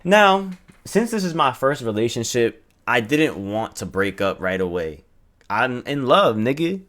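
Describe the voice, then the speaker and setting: A young man casually retelling a personal story in a storytime vlog, animated and profane, full of slang and acted-out quotes. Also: mid-range voice, a little slow.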